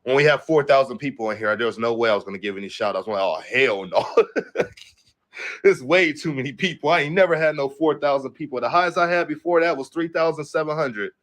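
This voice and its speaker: A man's voice: on the high side, fast, hardly any pauses, fairly bright tone. Profane, rambling livestream host, man. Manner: profane, rambling, reads headlines aloud then riffs. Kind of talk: casual livestream commentary.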